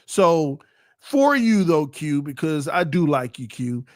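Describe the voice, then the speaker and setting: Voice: mid-range voice, big pitch swings, takes it slowly, no echo, clean studio sound. Heated, argumentative sports show host. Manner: repeats points for emphasis. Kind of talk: livestream rant to the chat.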